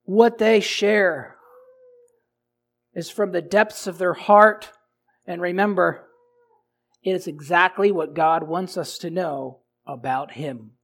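A man preaching a sermon in a notably high voice, asking his listeners question after question. He takes his time, moving between loud, stressed phrases and quiet, dropped lines. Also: slow, pauses often. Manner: asks the congregation rhetorical questions. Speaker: pastor.

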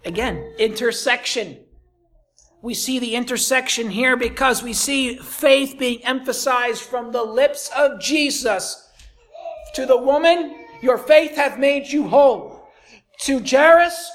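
A pastor preaching a sermon, reading scripture aloud and swinging dramatically from soft to loud with rhetorical questions. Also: high-pitched, slow pace. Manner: reads scripture in King James wording.

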